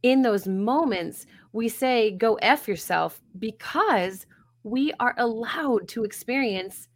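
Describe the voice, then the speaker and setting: A woman's voice: on the high side, lively intonation, takes it slowly. A woman guest talking about grief support in an earnest, reflective way, laughing now and then. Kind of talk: reflective conversational interview.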